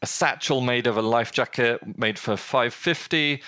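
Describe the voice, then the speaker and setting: Man co-host, excitable and stop-start delivery, mid-pitched, close and dry. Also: dry recording. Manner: animated, halting, often restarts mid-sentence. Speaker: podcast co-host. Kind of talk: casual news chat.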